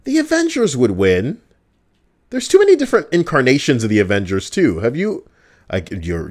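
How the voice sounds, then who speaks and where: A man's voice: medium pitch, very animated, measured pace, a little mellow. A young man streaming casually, teasing and arguing with plenty of swearing. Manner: profane, teasing, argumentative. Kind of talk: casual live-stream chat.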